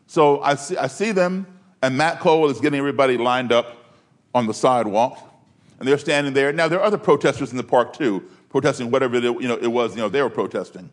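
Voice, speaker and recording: A man's voice: medium pitch, fast. A man from Maryland telling a personal story in a conversational way, with fillers and restarts. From Maryland, USA.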